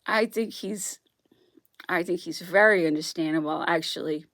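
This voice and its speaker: A woman's voice: lowish voice, moderate pace, fairly bright tone, no room sound, studio quality. A woman vlogger talking alone in a casual monologue, rambling and emphatic, often restarting and repeating herself.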